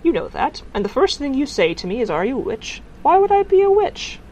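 Sly witch in disguise, theatrical, big pitch swoops, played by a woman. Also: big pitch swings, fairly quick, creaky, darkish tone, dull audio, a little hiss or hum.

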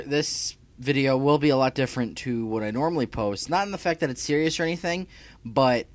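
A young man talking to his YouTube viewers from home, chatty and scattered, full of fillers and restarts. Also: medium pitch. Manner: chatty, scattered, self-interrupting, filler-heavy. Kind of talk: casual vlog chat. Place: home room.

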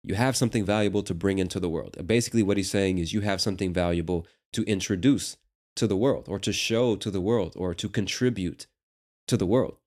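An American man hosting a lesson, explaining a clip slowly and patiently with casual asides. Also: low voice, darkish tone. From United States. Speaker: host.

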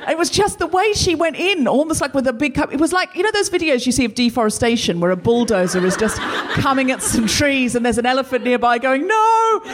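A woman from Australia hosting a live comedy show with laughing, animated, self-mocking stand-up storytelling. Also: sits high, fast, few pauses, noisy background. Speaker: comedian host. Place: live festival stage.

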